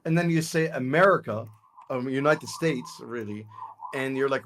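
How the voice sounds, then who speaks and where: A man's voice: mid-range voice, normal speed, fairly bright tone, a little hiss or hum. A man chatting casually with friends on a live stream, insistent and argumentative, talking over the others.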